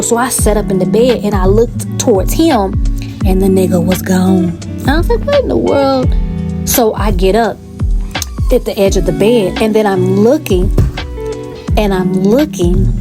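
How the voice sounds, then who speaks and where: A woman speaks in an easy, conversational storytelling voice, chatty and animated. Her pitch sits in the middle range. Guitar music plays clearly underneath her voice. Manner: chatty and animated, with asides and fillers. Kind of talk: casual storytime monologue. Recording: music playing clearly behind.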